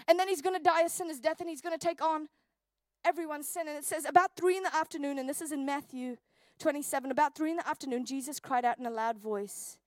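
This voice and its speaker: A woman pastor delivering an earnest sermon, rising to intense peaks and dropping to quiet, intimate passages. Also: high voice, fairly quick, no echo. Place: church.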